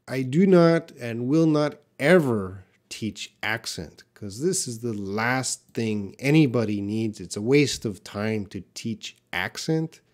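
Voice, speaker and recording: Slow-paced English teacher man. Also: mid-range voice, darkish tone. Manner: patient, explains with short example sentences. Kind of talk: live Q&A lesson, reading viewer comments.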